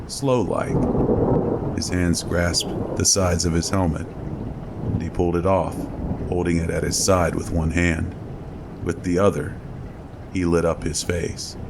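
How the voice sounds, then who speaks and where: A man narrating a horror story in a slow, measured reading. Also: sits low, creaky, background noise. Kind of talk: scripted narration.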